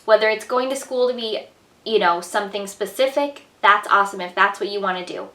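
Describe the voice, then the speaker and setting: A woman's voice: medium pitch, a little fast, bright, forceful tone. A young woman vlogger talking casually to the camera, chatty and full of "like" and "um". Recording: echoey room, mic at a distance.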